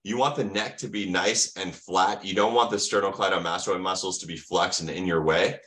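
Speaking at a normal pace in a deep, steady, somewhat bright voice, a middle-aged American man teaches medicine in an online lecture. He keeps asking the audience questions, then eagerly answers them like an enthusiastic instructor.

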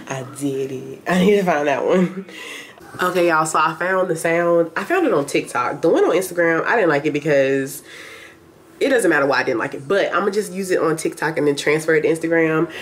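At home indoors, a young beauty vlogger chats casually to the camera, addressing her viewers directly as "y'all." Her low voice is expressive and brisk. The recording sounds roomy, with faint background noise.

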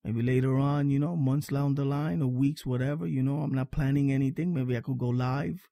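A man's voice: mid-range voice, steady tone, a little fast, gravelly, warm tone, no echo, clean studio sound. A man hosting a casual sports fan podcast, talking emphatically, repeating his points and checking in with "all right?". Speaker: podcast host.

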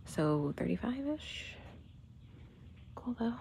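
A woman filming a casual shopping vlog. She talks from her car, then murmurs half-whispered comments as she browses a quiet store. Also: a little high, very animated, slow pace, gravelly, a little hiss or hum. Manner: chatty, gushing over cute finds. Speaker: shopping vlogger.

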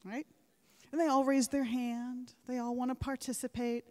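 A woman's voice: high-pitched, little pitch movement, moderate pace, mellow. A woman delivering a formal commencement address, engaging her listeners with rhetorical questions and anecdotes. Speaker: commencement speaker. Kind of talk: formal ceremonial speech. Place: large ceremony hall. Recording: echoing large hall.

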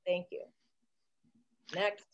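A woman guest on a video call, talking casually in a rambling, jokey, theatrical way. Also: very slow. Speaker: interview guest.

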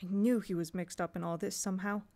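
A woman's voice: mid-range voice, steady tone, fast talker, warm tone, natural voice. A woman reading aloud, voicing an earnest young girl.

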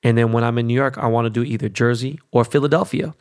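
A middle-aged podcast host from Los Angeles with a gravelly, fry-edged voice. He talks bluntly and swears freely, breaking into animated rants in a loose, casual monologue. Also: medium pitch, fast.

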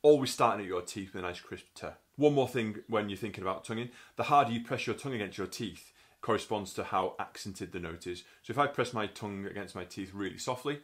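A man with a fairly low voice takes listeners through a brass lesson step by step. He explains each point methodically and sounds out the syllables as he goes. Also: fast. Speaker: brass teacher. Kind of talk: instructional tutorial.

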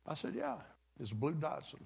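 A man's voice: a little high, huge pitch swings, fairly quick, creaky, slightly rough. An older man preaching a revival sermon, telling a folksy story in a conversational way with dramatic bursts.

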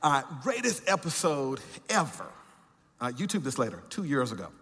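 A man's voice: medium pitch, sing-song, moderate pace, a bit bright, slightly rough. A male pastor giving a sermon with conversational, humorous storytelling and frequent fillers. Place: church. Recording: church hall with long reverb.

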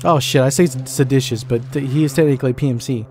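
A gamer giving live gameplay commentary in exasperated, profane outbursts. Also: male voice, medium pitch, steady tone, quick pace, a little mellow, slight background noise.

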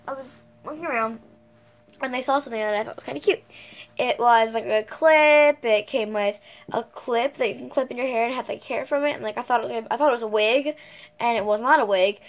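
A woman's voice: on the high side, brisk, lo-fi sound. A girl in her early teens chatting casually through a storytime vlog, rambling along with many fillers and self-corrections. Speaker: vlogger.

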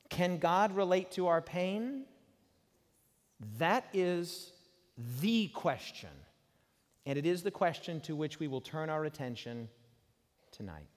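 A man in his forties preaching a sermon and telling a personal story, swinging from loud bursts to hushed tones. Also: on the high side, lively intonation, takes it slowly, long pauses. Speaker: pastor. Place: large hall. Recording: hall reverb from live sermon.

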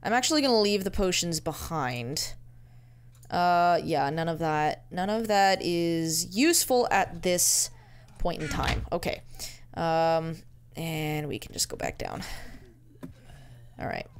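A woman's voice: on the low side, animated, slow pace, clean tone. A woman giving casual gameplay commentary, muttering to herself in a playful, easily amused way. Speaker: let's-play gamer.

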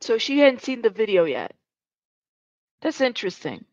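A woman's voice: a little high, big pitch swings, normal speed, darkish tone, no echo, lo-fi sound. A woman co-hosting a live stream, bluntly saying she doesn't believe what she hears. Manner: blunt, incredulous. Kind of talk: casual live-stream commentary.

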